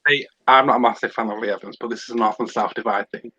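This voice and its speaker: A man talks as a podcast guest, animated and eager to demonstrate voices. His tone is bright and forceful. The recording sounds dry and slightly muffled, like a lo-fi stream. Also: mid-range voice, quick pace, husky, dry recording. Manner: animated, mimics voices while explaining. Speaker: guest entertainer. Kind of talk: casual podcast chat.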